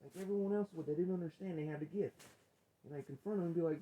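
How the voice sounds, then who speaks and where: A man arguing with his wife on a vlog, profane and confrontational, his voice rising toward yelling. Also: a little high, fast talker, slight background noise, poor audio. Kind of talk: heated domestic argument on a vlog.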